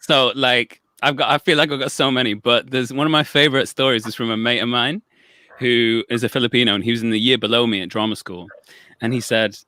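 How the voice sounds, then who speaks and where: A male actor guest telling stories in a casual podcast chat, animated and joking. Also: medium pitch, fairly quick, no room sound.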